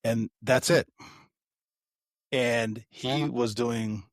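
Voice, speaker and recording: A man's voice: medium pitch, fairly even intonation, very slow, no echo. A man co-hosting a podcast, telling rambling stories in a casual way with some swearing and laughing at his own tales. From United States. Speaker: podcast co-host.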